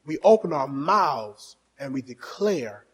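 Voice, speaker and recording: A male pastor preaching a fervent sermon, dropping to soft asides and then rising to shouting as he urges on the congregation. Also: mid-range voice, big pitch swings, slow, rough recording. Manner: exhorting the congregation.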